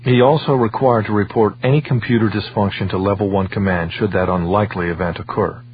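A man reading an audiobook in measured, even scripted narration. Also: fairly low pitch, muffled recording, a little hiss or hum.

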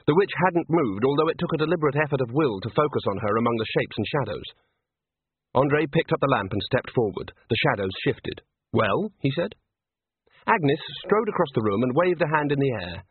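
A man narrating a story in a measured, suspenseful way, his voice husky at a middling pitch. The recording sounds dry and narrow, like a phone line. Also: expressive, no echo. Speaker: audiobook narrator. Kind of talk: scripted narration. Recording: dry, tinny phone-like audio.

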